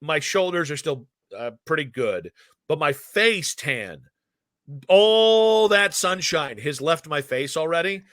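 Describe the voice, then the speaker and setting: Young male podcast co-host, bright and punchy, animated storyteller, dry close mic. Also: takes it slowly, dry recording. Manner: animated storyteller, swings loud and high when excited. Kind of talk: casual chat.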